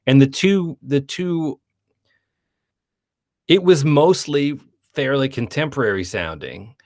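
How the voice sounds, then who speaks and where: On a film review podcast, this male co-host speaks slowly at a medium pitch. His delivery is casual and animated, and he performs quoted lines in playful voices.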